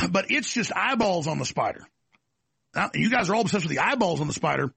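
A man's voice: high-pitched, animated, fast talker, creaky, sharp tone, husky, no echo. A middle-aged man hosting an opinionated commentary show, ranting heatedly and acting out the voices he quotes. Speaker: talk show host.

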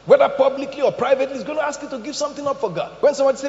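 A man preaching a sermon, telling animated stories and asking the congregation questions. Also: extremely high pitch, racing. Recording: echoey hall, dull sound.

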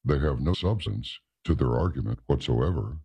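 A man's voice: a bass voice, lively intonation, normal speed, gravelly, darkish tone, breathy edge. A man hosting an interview, speaking in a blunt, emphatic way. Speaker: host. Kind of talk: casual interview talk.

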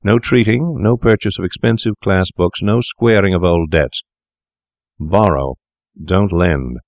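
A man's voice: low voice, unhurried, darkish tone, no room sound, clean studio sound. A man doing a cool, coaxing young doctor. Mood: smoothly persuasive. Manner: smooth, coaxing, matter-of-fact. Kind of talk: audiobook character voice.

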